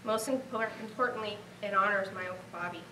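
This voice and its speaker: A woman's voice: medium pitch, fast talker, pushed and bright, echoey room, far from the mic, a little hiss or hum, low-quality recording. A woman in her thirties from Nebraska giving a heartfelt award acceptance speech, earnest and grateful. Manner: heartfelt, earnest, speaking of a lost relative.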